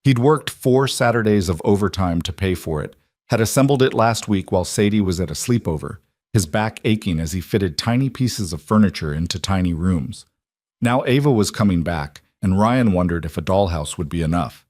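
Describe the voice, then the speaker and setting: Low voice guy narrating a story, calm and measured, dry close mic. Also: no room sound. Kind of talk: scripted narration.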